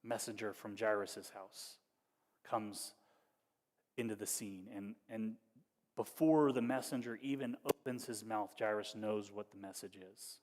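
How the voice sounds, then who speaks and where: A man preaching a sermon as pastor, talking in a conversational, wry way that moves between hushed storytelling and animated bursts. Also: lowish voice, unhurried, long reverb tail. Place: church hall.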